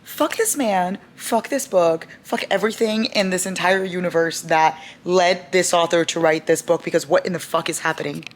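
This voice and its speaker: A young woman talks through her reading in a loose, casual vlog, reacting out loud as she goes. Her voice sits a little low. She swears freely and jumps from chatter to shocked outbursts. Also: moderate pace, few pauses. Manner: chatty, expressive, swears freely, bursts into laughter and shocked outcries. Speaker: book vlogger.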